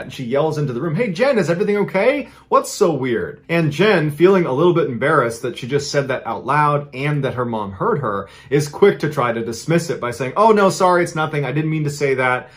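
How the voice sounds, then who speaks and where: A man hosting a storytelling channel, narrating a disturbing true story in a conversational way. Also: medium pitch. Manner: conversational, deadpan joking in the intro.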